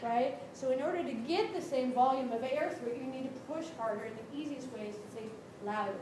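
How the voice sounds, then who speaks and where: A woman vocal instructor leading a group singing lesson, brisk and encouraging, checking in with the class and singing demonstration notes. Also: high voice. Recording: echoey room from a distance, noisy.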